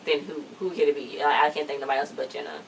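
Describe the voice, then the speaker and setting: A woman's voice: low-pitched, fairly even intonation, racing, vocal fry. A woman casually recapping a TV episode in a rambling, chatty way, full of "like". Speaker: TV episode reviewer. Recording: distant mic with faint noise.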